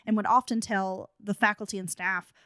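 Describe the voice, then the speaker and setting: A woman's voice: medium pitch, fairly even intonation, normal speed, a bit bright, no room sound, studio quality. A woman hosting a true crime podcast. She narrates the case details and breaks in with blunt, casual asides. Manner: reads case notes, then adds blunt asides. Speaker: podcast host.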